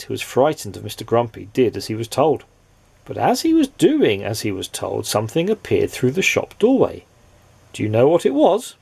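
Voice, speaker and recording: A man reads a children's storybook aloud with playful energy and invites the listener to guess what comes next. His voice is husky with some vocal fry, and his pitch moves in a lively way. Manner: expressive, playful, asks the listener questions. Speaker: parent reading aloud.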